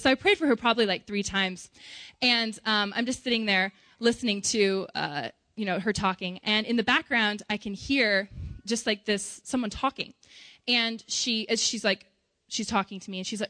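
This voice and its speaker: A woman's voice: mid-range voice, moderate pace, sharp tone, no room sound. A young woman, a church outreach volunteer, telling a personal testimony in a casual, chatty way with lots of "like" and "um".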